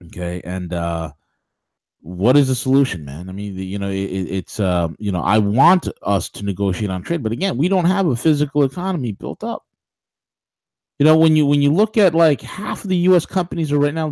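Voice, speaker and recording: A political talk show co-host with a lowish, dark voice rants emphatically, firing off rhetorical questions. He restarts often and uses lots of fillers. The audio is poor but has no echo.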